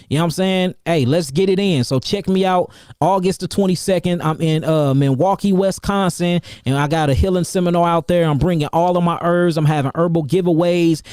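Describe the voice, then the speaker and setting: A high-pitched man from St. Louis hypes up his livestream viewers with rapid, repetitive shout-outs. He is an herbalist promoting his seminars, talking in loose slang. His voice is close and dry, with no room sound. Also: dry recording. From St. Louis, Missouri, USA. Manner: energetic, repetitive, slangy hype.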